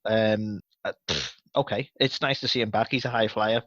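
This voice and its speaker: A man's voice: on the low side, steady tone, moderate pace, fairly bright tone, no echo, highs cut off. A man co-hosting a wrestling podcast, chatting casually with rambling sarcastic asides and plenty of swearing. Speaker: podcast co-host.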